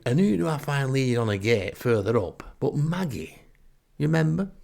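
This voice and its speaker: With a mid-range voice, vocal fry and a darkish tone, this older Northern English man hosts a podcast and spins a comic story about himself. His delivery is wry, chatty and self-deprecating.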